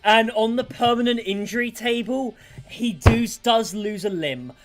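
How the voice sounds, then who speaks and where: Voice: mid-range voice, measured pace. A game master narrating a tabletop fight in vivid, gory detail over faint background music.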